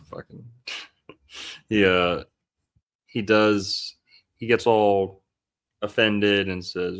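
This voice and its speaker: Low-voiced man in loose podcast chat. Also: takes it slowly, pauses often. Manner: rambling, loose and profane, acts out quotes. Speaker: podcast host. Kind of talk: casual film-analysis chat.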